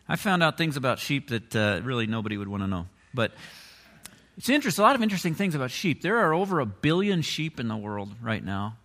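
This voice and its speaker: A man preaching a sermon in a mid-pitched voice, conversational one moment and rising with emphasis the next. His words ring out with the long reverb of a large church hall. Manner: conversational preaching, animated swings with emphatic rises. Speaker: pastor.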